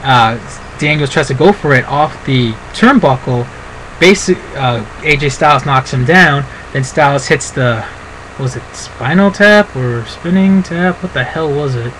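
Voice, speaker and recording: A man with a mid-range, slightly bright voice speaks at a measured pace on a low-quality recording with a little hiss or hum. Reviewing a wrestling show, he gives a casual, rambling spoken take, chatty and packed with fillers and asides.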